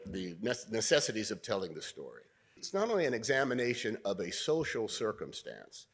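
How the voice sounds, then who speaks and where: An older man stands before an audience and runs them through an acting exercise. His voice is husky and mid-pitched but swings up and down animatedly as he tries out lines in different tones. He clears his throat often between lines. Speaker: guest speaker giving an acting exercise to an audience. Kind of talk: interactive acting lesson in a lecture. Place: university debating hall.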